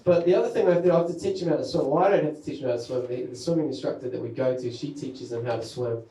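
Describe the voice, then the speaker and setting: A man's voice: mid-range voice, rapid-fire, dark tone. A man, doing a rambling, self-mocking stand-up set about parenting. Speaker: stand-up comedian. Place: comedy venue with an audience. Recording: echoey room.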